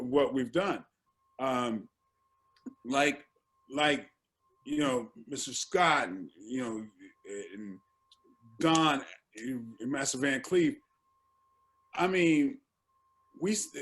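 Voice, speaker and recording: A man speaking earnestly on a panel via video call, often restarting his sentences. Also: medium pitch. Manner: earnest, halting with many restarts. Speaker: panelist, martial arts actor. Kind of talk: casual panel talk.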